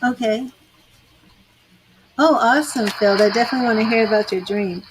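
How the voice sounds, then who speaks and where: A woman's voice: a little high, moderate pace, noisy background. Older woman live-streaming tarot readings. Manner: chatty, addresses viewers by name. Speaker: tarot reader.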